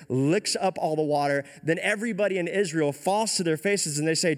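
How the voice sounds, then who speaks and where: Male pastor, animated slangy storyteller, mid pitch, long hall reverb. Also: a little fast, hardly any pauses. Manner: animated, slangy, enthusiastic, repeats words. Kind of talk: lively storytelling sermon.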